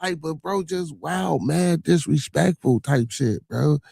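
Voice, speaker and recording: A man chats on his own live stream in a loose, rambling, profane way and talks straight back to the people watching. His voice is mellow and gravelly. The sound is dry and close, with no room echo. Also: on the high side, a little slow. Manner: profane, rambling, reacts to chat viewers. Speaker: podcast host. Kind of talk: casual livestream chat.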